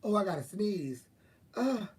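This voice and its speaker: High-voiced sassy man, laughing storyteller. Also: sing-song, unhurried, slightly rough, distant mic. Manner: gives frank advice to viewers. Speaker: livestream host. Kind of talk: casual storytelling chat.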